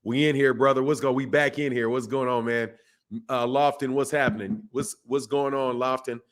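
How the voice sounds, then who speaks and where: A man's voice: mid-range voice, fairly even intonation, moderate pace. A man hosting a casual boxing talk stream, talking loosely, repeating himself and greeting viewers by name. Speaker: boxing channel host. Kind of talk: casual live-stream chat.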